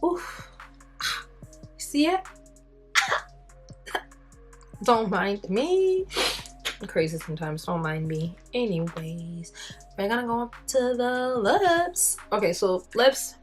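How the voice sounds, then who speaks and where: A woman's voice: mid-range voice, slow, a bit bright, faint music behind. A woman chatting casually as she walks through her makeup routine, rambling, self-deprecating, full of fillers. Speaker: beauty vlogger. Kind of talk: casual makeup tutorial chat.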